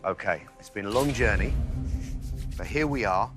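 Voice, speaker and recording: An upbeat male game show host who jokes and laughs easily as he keeps the contestants moving. His pitch swings around a lot. Clear background music plays under his voice throughout. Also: animated, moderate pace. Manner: jokey, often laughing, encouraging. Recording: studio with loud background music.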